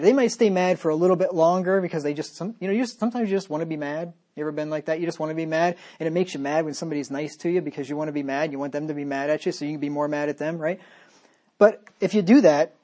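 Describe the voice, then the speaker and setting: A man's voice: on the high side, mellow. A man preaching a sermon as pastor, talking straight to his listeners with emphatic repetition and rhetorical questions.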